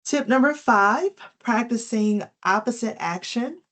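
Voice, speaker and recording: A woman giving a health education talk on self-care, explaining each tip in a gentle way with casual fillers like "um" and "you know". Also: a little high, a little slow. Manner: reads from prepared points, then explains in her own words. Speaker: wellness presenter.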